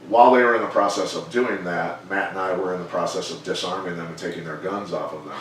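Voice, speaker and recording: A middle-aged man, a former fighter turned coach, telling stories in a measured, plainspoken way during an interview. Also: low voice. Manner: measured, plainspoken, animated when quoting others. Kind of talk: casual storytelling interview. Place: gym. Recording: echoey room, mic far off.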